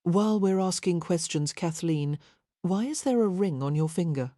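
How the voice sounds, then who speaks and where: A woman reading the part of a mischievous, lively Victorian teenage girl in an audiobook, with a playful, insistent way of talking. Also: on the low side, moderate pace, no echo, studio quality, lightly acted.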